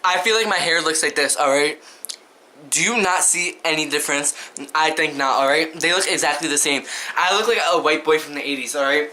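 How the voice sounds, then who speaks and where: A man's voice: a little high, brisk, pushed and bright, slight background noise. Emphatic young man vlogging. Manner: emphatic and indignant, asks the viewer rhetorically. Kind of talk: casual vlog, answering questions to camera.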